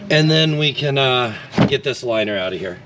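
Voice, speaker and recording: A man's voice: medium pitch, lively intonation, moderate pace, noisy background. A man hosting a casual DIY car repair walkthrough. He is laid-back, swears now and then, and explains each step.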